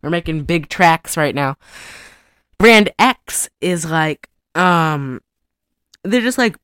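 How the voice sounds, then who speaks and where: Young woman, casual movie recap, rambling and giggly, lively pitch, dry close sound. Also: slow pace, pauses often, clear, resonant tone, dry recording. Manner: rambling, giggly, sings snatches in falsetto. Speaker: podcast co-host.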